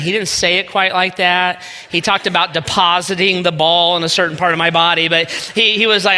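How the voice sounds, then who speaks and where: A man's voice: sits high, little pitch movement, fairly quick, hardly any pauses, pushed and bright, smooth. A man in his forties, a pastor giving a folksy, self-deprecating sermon with a personal story in a church sanctuary. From Northeast Ohio. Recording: long hall reverb.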